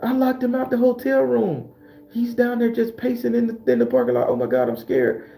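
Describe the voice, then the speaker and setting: A man's voice: very high-pitched, expressive, fairly quick, creaky, dark tone, roomy sound, faint music behind, pitched above the performer's own voice, heavily acted. A man voicing a terrified young woman who pleads in a panic.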